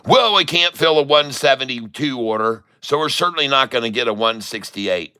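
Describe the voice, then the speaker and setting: A man's voice: medium pitch, lively intonation, normal speed, pushed and bright, clean tone. A middle-aged man giving live day-trading commentary, joking and rambling with showman asides to his viewers. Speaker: day trader streaming to viewers.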